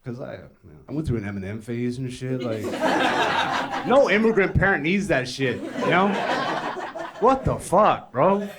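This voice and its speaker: A young man with a medium-pitched, animated voice does a profane, conversational stand-up set on a comedy club stage at normal speed, telling stories and acting out other people's lines. Ethiopian, born in Greece and raised in Canada, he's recorded live with heavy background noise and the audience laughing.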